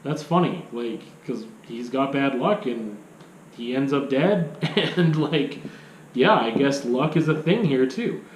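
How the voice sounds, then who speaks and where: A man's voice: medium pitch, takes it slowly, reverberant, slight background noise, poor audio. A man giving a casual film review, rambling, with many restarts and rhetorical questions.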